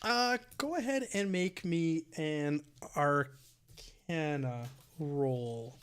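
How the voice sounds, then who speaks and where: A man with a slightly high voice narrates as dungeon master, describing dungeon halls and magic to his players. He talks in a halting way and restarts his sentences often. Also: fairly bright tone, clean tone. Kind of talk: narrating a tabletop game.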